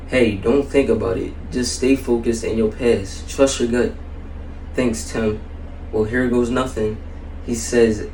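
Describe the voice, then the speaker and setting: A man reading a children's story aloud in a steady, even storybook manner. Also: fairly low pitch, recorded from a distance, slight background noise. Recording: echoey room, a bit off-mic.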